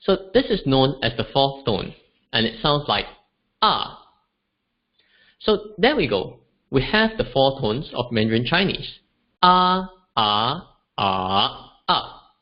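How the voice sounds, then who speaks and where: A man's voice: mid-range voice, big pitch swings, normal speed. A man teaching an online beginners' language webinar, demonstrating tones aloud. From Singapore. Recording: dull lo-fi webinar audio.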